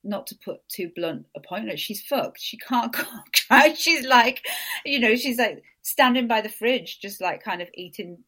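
A woman's voice: lively intonation, moderate pace, pushed and bright. A woman, a podcast guest telling funny stories in casual chat, laughing often. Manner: chatty storyteller, laughs a lot, mimics others in high voices.

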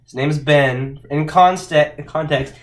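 A man's voice: fairly high pitch, takes it slowly, roomy sound. A man co-hosting a casual podcast chat, teasing and asking prodding questions. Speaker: podcast co-host.

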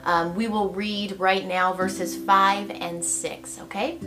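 Slow-speaking woman teaching scripture. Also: mid-range voice. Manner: reflective, gently expressive. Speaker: Bible teacher. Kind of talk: devotional Bible teaching. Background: soft guitar music.

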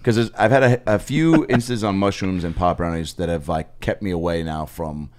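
A man hosting a casual podcast chat, joking and laughing often with quick asides. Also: sits low. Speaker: podcast host.

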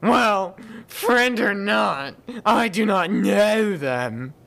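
A man voicing a haughty, pompous old king who takes offense easily, speaking in a booming, drawn-out way. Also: animated, creaky, fairly bright tone, full character voice. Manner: booming, indignant, drawn-out speech.

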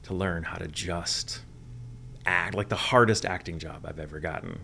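A man's voice: low voice, steady tone, normal speed, gravelly, pushed and bright, a little hiss or hum. A man in his forties from Texas, a voice actor telling his story in a podcast interview, candid, profane and self-deprecating. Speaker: voice actor guest.

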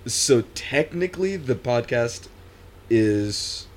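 A man hosting a podcast in casual chat with friends, laughing often and breaking into loud bursts of protest. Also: medium pitch, lively intonation, slow. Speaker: podcast host.

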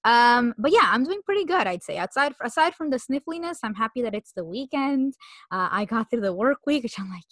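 A woman's voice: a little high, lively intonation, a little fast, fairly bright tone, no echo, clean studio sound. A woman co-hosting a podcast in casual, rambling chat, sniffling from a cold. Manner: chatty, rambling, giggly. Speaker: podcast co-host.

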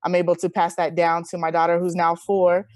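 This interview guest, a woman in her thirties, has a lowish voice and talks fairly quickly. Captured in a clean studio with no echo, she relives personal stories in an earnest, heartfelt, animated way.

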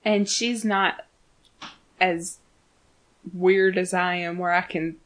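A woman's voice: on the low side, steady tone, slow, fairly bright tone. A woman in her thirties, a podcast co-host chatting casually, laughing often and swearing freely as she gushes. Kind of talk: casual chat.

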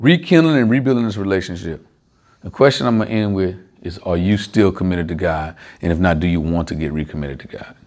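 A man preaching an informal, conversational sermon to a small group, animated and speaking straight to his listeners with everyday examples. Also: low voice, fairly quick.

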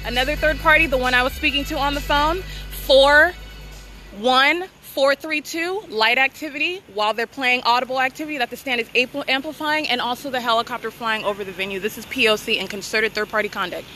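A woman's voice: high-pitched, brisk, sharp tone, faint music behind, poor audio. A woman narrating in real time as she films, insistent and repetitive, outdoors in a motel parking lot at night, recorded on a handheld phone. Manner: insistent, repetitive, clipped phrasing. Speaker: self-documenting videographer.

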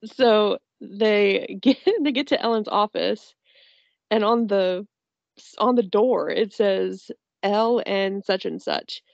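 A woman's voice: medium pitch, slow, gravelly, darkish tone, no echo, highs cut off. A woman podcast co-host chatting casually about a movie, giggling and quoting its lines in character voices.

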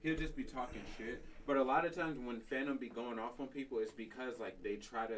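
A man explaining things in a relaxed way during casual chat. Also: mid-range voice, brisk, a little hiss or hum, poor audio.

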